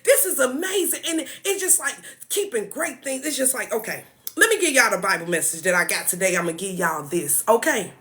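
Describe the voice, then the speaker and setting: Casting: woman, mindset coach on a live stream, bright and fairly high, lively and chatty. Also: brisk. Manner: lively, thanks viewers by name, mixes scripture with chat. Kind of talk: casual live-stream chat.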